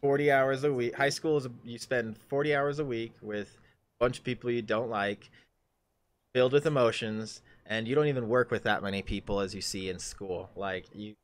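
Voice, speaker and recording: A man's voice: mid-range voice, fairly even intonation, moderate pace. A young man streaming a game, telling rambling, profane stories in casual chat with frequent restarts. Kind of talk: casual chat while gaming live.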